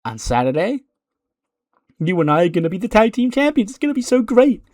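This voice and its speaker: A man's voice: high voice, very animated, a little fast, a little mellow, no echo, clean studio sound, pitched above the performer's own voice. A man voicing a vain woman wrestler who gushes and sneers at rivals. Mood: catty. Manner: gushing, catty.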